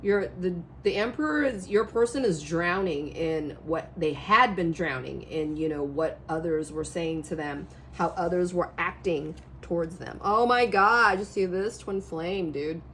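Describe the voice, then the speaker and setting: A woman reading tarot cards in a rambling, animated way, her voice a little hoarse, often checking in with the listener. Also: on the low side, measured pace, few pauses, a little hiss or hum. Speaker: tarot reader. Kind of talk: casual spiritual reading to camera.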